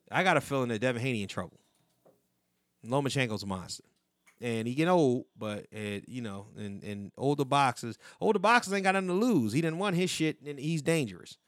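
A man's voice: medium pitch, smooth, no room sound, clean studio sound. A man co-hosting a podcast in loose, profane banter. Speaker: podcast co-host. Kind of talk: casual chat.

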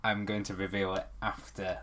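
A man with a Northern English accent chats with a co-host on a music podcast, dry and wry. His voice sits a little low. Faint background noise hangs under the recording. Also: little pitch movement, moderate pace, a bit bright. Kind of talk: casual chat.

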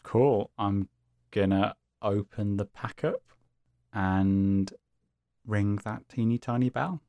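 A man playing a tabletop game, asking eager, quick questions. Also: on the low side, dark tone, no room sound. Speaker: player. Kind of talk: tabletop role-play chat.

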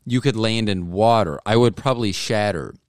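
A man's voice: fairly low pitch, moderate pace, clean tone, no room sound. A male podcast host talking in a casual, rambling monologue full of self-mocking, jokey asides, close on the mic.

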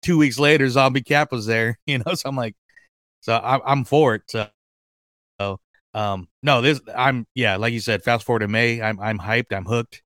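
A man hosting a fan podcast in casual chat, excitable and rambling, with lots of fillers and restarts. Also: mid-range voice, normal speed, no room sound, studio quality. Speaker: podcast host.

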